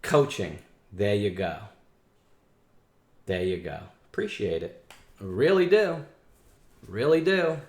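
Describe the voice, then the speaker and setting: A man's voice: lowish voice, big pitch swings, takes it slowly, pauses often, a little mellow. A man hosting a day trading show, talking bluntly and casually in slang, scolding and reviewing trades. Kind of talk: live trading stream chat. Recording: echoey room.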